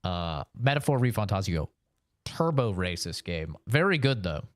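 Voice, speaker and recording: Male game streamer, loose profane banter, smooth voice, dry close sound. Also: low-pitched, very animated, normal speed, dry recording. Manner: rambling, profane, answers chat with frequent "you know". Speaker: gaming streamer. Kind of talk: casual live-stream chat.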